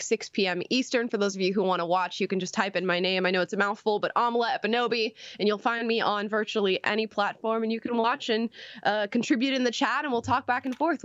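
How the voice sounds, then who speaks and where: A woman's voice: medium pitch, dry recording, dull audio. A woman from Nigeria, a guest who hosts her own online show, talking in an upbeat way. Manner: upbeat and laughing. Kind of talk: casual talk show chat.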